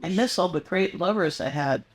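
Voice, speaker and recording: A woman's voice: on the low side, normal speed. Older female guest, loose and rambling storyteller, lots of ums and self-corrections. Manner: rambling, meandering anecdotes with many fillers and restarts. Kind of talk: casual interview storytelling.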